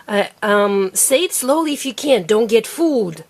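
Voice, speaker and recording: A woman with a high voice gives a reading lesson at home. She is patient and coaxing, and she stretches each letter sound slowly so a small child can copy it. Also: lively intonation, husky. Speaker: parent teaching her child to read.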